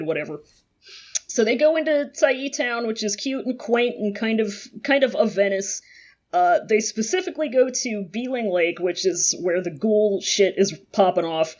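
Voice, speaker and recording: A woman's voice: medium pitch, darkish tone. A woman hosting a podcast, recapping novel chapters in a chatty, sardonic way with plenty of filler words. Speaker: podcast host. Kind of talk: casual chat recapping a novel.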